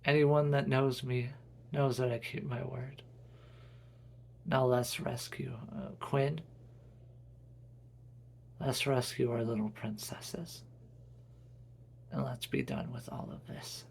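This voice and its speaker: Slow, gravelly man reading his novel. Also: medium pitch, darkish tone. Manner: earnest, slow storytelling. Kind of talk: dramatic story reading.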